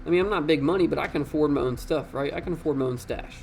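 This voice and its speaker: Gravelly young man telling a story. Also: a little high, fast, a little hiss or hum. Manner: slangy, animated, swears freely. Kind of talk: casual storytime.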